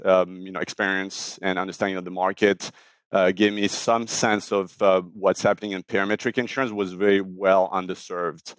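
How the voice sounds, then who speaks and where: A man in his forties with a French accent, explaining his startup in an interview with frequent pauses and fillers. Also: sits low, clean tone, dry recording. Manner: many fillers and restarts, explanatory. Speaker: startup founder, guest. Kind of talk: casual interview talk.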